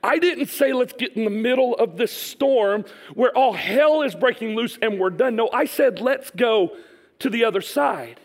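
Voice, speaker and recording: A male preacher with a high, light voice tells a story from the pulpit. He swings between hushed, slowed lines and sudden loud bursts, putting on little voices and laughing along. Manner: animated storytelling, acts out voices, laughs often. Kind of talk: sermon.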